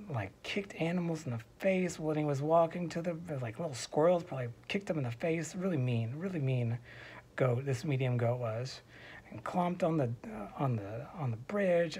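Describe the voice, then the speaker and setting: A man's voice: a little high, darkish tone, breathy edge. A man casually telling a silly fairy tale from a hospital room, wandering into asides and sometimes dropping to a whisper. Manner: digressive asides, drops to a whisper at times. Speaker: storyteller. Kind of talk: casual rambling storytelling.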